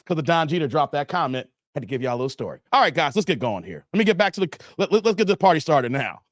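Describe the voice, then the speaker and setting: A Chicago man with a strikingly high voice runs a laid-back livestream, talking directly to his chat at a quick clip. He tells his story with lots of energy, doing the voices of the people involved. The audio is close-miked and dry, with no echo from the room.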